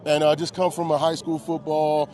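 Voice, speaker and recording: A middle-aged man calls a high school football game as color commentator. His voice rides a little high, and he breaks down each play with a coach's patient eye and easy homespun phrases. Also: level tone, normal speed, a little mellow. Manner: knowledgeable, coach-like analysis with folksy phrases. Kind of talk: live sports commentary.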